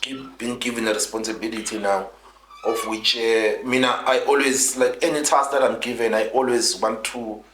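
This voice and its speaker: Interviewed about his life, a South African politician speaks earnestly in a rambling way full of restarts. His voice is medium-pitched, fairly even and fairly bright at a moderate pace, and the recording has roomy echo and a little hiss or hum.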